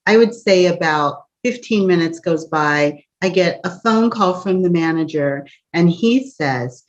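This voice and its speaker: A young woman, an empath coach, telling a personal story in an animated way with frequent laughs and asides. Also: fairly low pitch, unhurried. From United States. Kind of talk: storytelling encouragement talk. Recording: dull lo-fi recording.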